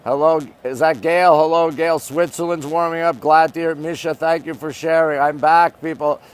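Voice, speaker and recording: A man's voice: a little high, fairly even intonation, normal speed, smooth. A man from Canada hosting a casual phone livestream outdoors at night, chatting and greeting viewers by name. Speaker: livestream host. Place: outdoors at night overlooking city skyline.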